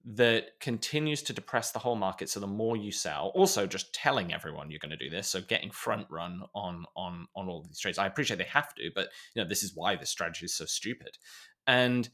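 A man co-hosting a podcast and giving casual news commentary, animated and exasperated, leaning on emphatic points. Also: sits low, brisk. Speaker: podcast co-host.

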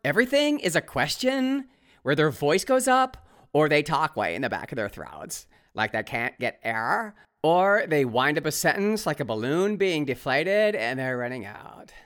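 A man's voice: a little high, sing-song, moderate pace, fairly bright tone. A man hosting a podcast, delivering an opinionated solo monologue in a sarcastic, ranting manner and reading articles aloud with running commentary. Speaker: podcast host.

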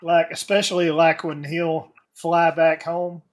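A man's voice: a little high, little pitch movement, measured pace. A man in casual podcast chat, laid-back, making dry remarks. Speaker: podcast co-host.

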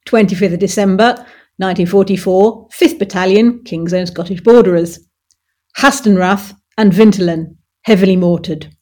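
A woman's voice: mid-range voice, normal speed, a little hiss or hum. A woman co-hosting a history podcast, chatting playfully and reading wartime diary entries aloud. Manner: lively, jokey banter; reads war diary entries. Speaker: podcast co-host.

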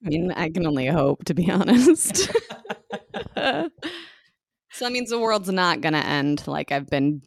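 A woman's voice: on the low side, sing-song, takes it slowly, gravelly, long pauses, dry recording, studio quality. An American woman co-hosting a podcast in casual chat, full of "like" fillers and easy laughter. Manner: chatty, lots of "like" fillers, laughs easily. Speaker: podcast co-host.

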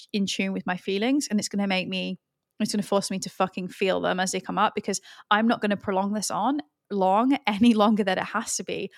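A woman's voice: mid-range voice, fairly bright tone, no echo. Brief: woman podcast host, solo episode, frank and earnest with casual swearing, mid-range voice, close and dry.

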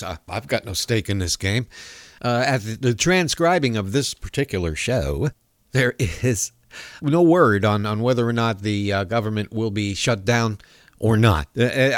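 A man's voice: medium pitch, dry recording, studio quality. A man hosting a talk show, delivering a profane, mocking comedic rant monologue.

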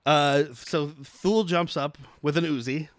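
A man's voice: on the high side, measured pace. A man co-hosting a podcast, eagerly narrating a movie's plot and laughing often in casual chat. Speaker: podcast co-host.

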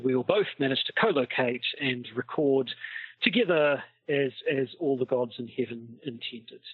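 A man's voice: mid-range voice, normal speed, slightly rough, dry recording. A man co-hosting a podcast over an internet call, talking in long, rambling sentences with dry humor. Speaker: podcast co-host. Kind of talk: casual chat over a call. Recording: muffled tinny internet call line.

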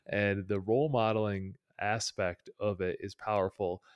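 Give me a man with a very deep voice who talks in an earnest, steady way and lays out practical steps in a casual interview. The sound is dry, with no room echo. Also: normal speed, clear, resonant tone, lo-fi sound. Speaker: podcast guest. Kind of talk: casual conversational advice.

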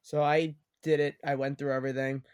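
A man's voice: medium pitch, level tone, brisk, a little mellow, smooth. A young adult man hosting a casual sports podcast, talkative and steering the discussion with bold picks. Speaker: podcast host.

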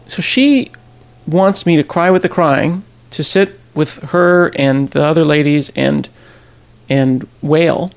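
A middle-aged man, a podcast host, telling a personal story in a casual, animated way and acting out the people he quotes. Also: a little high, slow, gravelly. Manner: animated, acts out quoted voices, laughs at himself.

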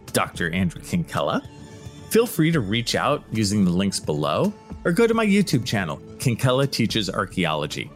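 A middle-aged man hosting an archaeology podcast in a casual, animated solo talk, slipping into goofy voices for mock quotes. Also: lowish voice.

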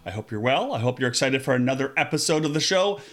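A man hosting a podcast, talking in a casual, upbeat way with quick asides and restarts. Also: mid-range voice, expressive, a bit bright. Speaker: podcast host.

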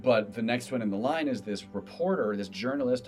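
A man's voice: mid-range voice, a little fast, few pauses, faint music behind. A man hosting a podcast, chatting animatedly about running games and doing character voices. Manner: animated, explains by demonstrating voices. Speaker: game master and podcast host. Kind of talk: casual podcast chat.

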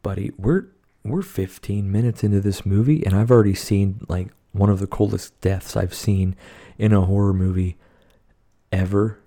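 Man, deep gravelly voice, dark tone, rambling profane movie recap, casual podcast chat. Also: normal speed. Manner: rambling, profane, lots of fillers. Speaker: podcast co-host.

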